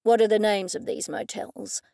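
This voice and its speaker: Female reader as a cool male cop, clipped and deadpan, close and dry. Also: medium pitch, moderate pace, gravelly, no echo. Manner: curt, deadpan.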